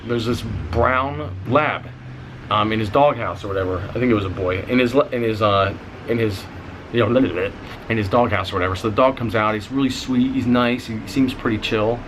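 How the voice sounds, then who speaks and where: A young man casually telling a story on his vlog, animated, swearing freely and going higher when he gets excited. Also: a little fast, background noise. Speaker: vlogger.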